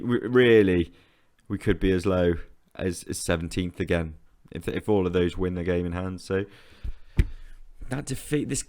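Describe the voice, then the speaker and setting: A man giving animated, exasperated commentary as he plays a football management game, often repeating himself. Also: fairly low pitch. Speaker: gaming YouTuber.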